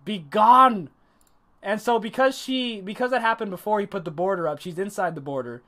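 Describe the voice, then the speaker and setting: A man casually reviewing an anime episode on a livestream, animated and profane, stopping to greet and answer chat. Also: high-pitched, fast.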